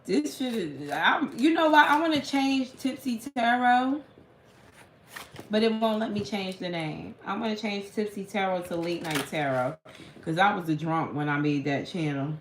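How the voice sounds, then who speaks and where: A woman's voice: medium pitch, moderate pace. A woman tarot reader in casual late-night live chat, telling stories in a blunt, profane way. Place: room at home at night. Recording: echoey room with faint hum.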